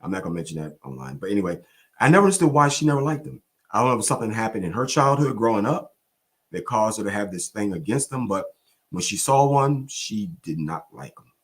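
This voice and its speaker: A man hosting a discussion podcast, telling stories in an expressive, animated way. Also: on the low side, fast talker. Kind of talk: casual discussion.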